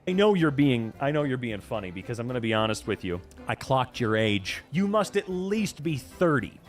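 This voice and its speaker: A man's voice: medium pitch, moderate pace, faint music behind. A man hosting a casual reaction stream, ranting sarcastically with lots of profanity. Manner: animated, profane, sarcastic rants. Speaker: VTuber streamer reacting to posts.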